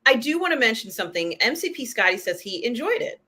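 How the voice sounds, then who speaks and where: A woman hosts a relaxed live-stream chat about pop culture. Her voice is bright and forward, and she talks in a chatty, rambling way, full of "um" and "you know". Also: a little high, fast. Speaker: host.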